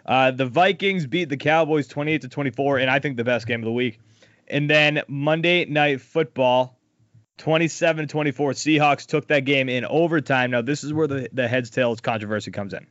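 A man co-hosting a casual sports podcast, bluntly recapping the week's football scores with lively opinions. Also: medium pitch, normal speed, dry recording, highs cut off. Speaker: podcast co-host.

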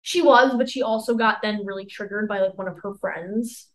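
A young woman in her twenties chats on a podcast she co-hosts, telling a rambling story thick with "like" and acted-out quotes. She speaks at a moderate pace in a medium pitch, captured on a low-quality recording.

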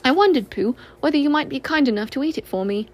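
A woman's voice: high voice, expressive, fast talker, darkish tone, voice pushed up. A woman voicing a cheerful, polite young boy in a storybook reading.

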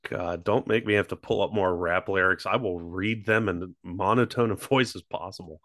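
A man co-hosting a laid-back podcast, his voice sitting a little low. He meanders through his thoughts with plenty of ums, restarts and the odd curse word. The recording is close and dry, with no room sound. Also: normal speed, a bit bright, dry recording. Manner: rambling, loose delivery with many fillers and restarts; swears freely. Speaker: podcast co-host. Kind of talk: casual chat.

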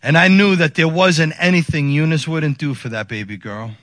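Man in his 40s, pastor, high bright voice, animated storyteller. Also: normal speed, dry recording, clean studio sound. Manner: animated, acts out quotes in a raised voice, laughs often. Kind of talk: storytelling sermon.

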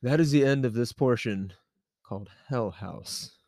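A young man from the American South, casually telling a long story on a podcast, animated and laughing often with many fillers. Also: mid-range voice, unhurried, gravelly, dry recording, studio quality. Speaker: podcast co-host.

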